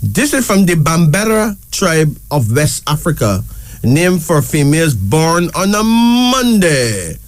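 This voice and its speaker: Guy hosting a talk show, spells names out letter by letter, slow and drawn out, voice bounces all over. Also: fairly high pitch, sing-song, dry recording. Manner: spells each name out letter by letter, slow and deliberate; drawn-out emphasis, repeats words for effect. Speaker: show host. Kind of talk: casual talk presenting names.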